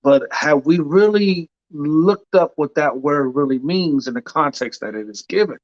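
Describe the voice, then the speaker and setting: Slow, thoughtful man on a lo-fi mic. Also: on the high side. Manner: slow, thoughtful, searching for words. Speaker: podcast co-host. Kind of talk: reflective casual discussion of scripture.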